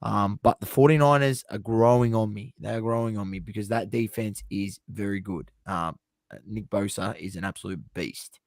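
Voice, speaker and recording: A man's voice: fairly low pitch, normal speed, no echo, studio quality. A man with an Australian accent co-hosting a podcast in casual sports chat, blunt and swearing freely, repeating himself for emphasis. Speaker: podcast co-host.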